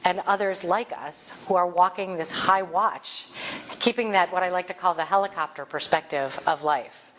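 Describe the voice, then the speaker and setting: A woman minister preaches with a lower voice, telling stories in an animated way and acting out the people she quotes. Faint background noise is heard behind her. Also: poor audio. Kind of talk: sermon.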